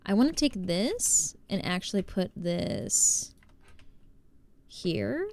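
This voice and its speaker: A woman's voice: medium pitch, big pitch swings, slow pace, vocal fry, a little mellow, a little hiss or hum. A woman from New Jersey with a New Jersey accent, chatting casually with viewers while she plays a game on a live stream. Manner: chatty, reads chat aloud and greets viewers.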